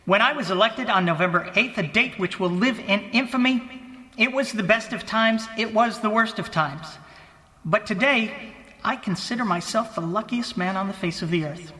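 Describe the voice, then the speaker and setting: A man's voice: high voice, normal speed, pushed and bright, voice pushed up. A man voicing a pompous male president who delivers a grand, solemn speech pieced together from famous quotes. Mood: grandiose. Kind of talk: mock political speech. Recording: long hall reverb.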